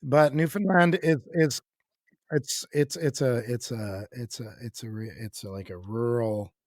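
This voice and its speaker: A man from Canada telling rambling, animated stories as a musician guest on a casual podcast. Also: medium pitch, measured pace, no echo, studio quality.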